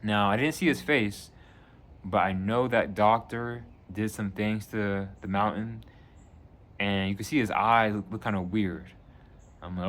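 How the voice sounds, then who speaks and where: Animated low-voiced man reviewing a show. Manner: animated, retells scenes acting out lines. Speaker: video reviewer.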